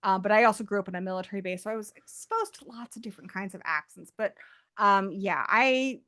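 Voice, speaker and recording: Chatting casually and rambling somewhat, an adult Englishwoman speaks quickly in a medium-pitched, bright, forceful voice. Her accent mixes British and American.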